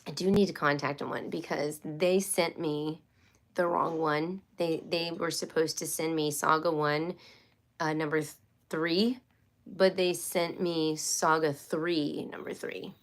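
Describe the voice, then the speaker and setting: A woman's voice: deep voice, steady tone, measured pace. A woman hosting a casual homeschool live stream, chatty and rambling, with many fillers and restarts. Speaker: homeschool livestream host.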